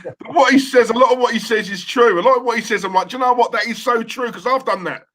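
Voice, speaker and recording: East London bloke, bright and punchy, enthusiastic fan-stream co-host. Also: male voice, extremely high pitch, fast. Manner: enthusiastic, repeats phrases for emphasis. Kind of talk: casual chat.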